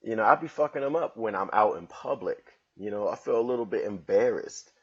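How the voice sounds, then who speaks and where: A man's voice: on the low side, expressive, a little fast, fairly bright tone, husky, lo-fi sound. A man hosting his own comedy podcast at home, joking around in loose slangy street talk. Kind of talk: casual solo podcast monologue.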